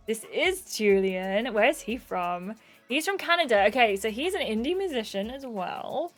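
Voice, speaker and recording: A young woman reading a dating game aloud with excitable, gushing commentary. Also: fairly high pitch, measured pace, soft background music. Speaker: gaming YouTuber.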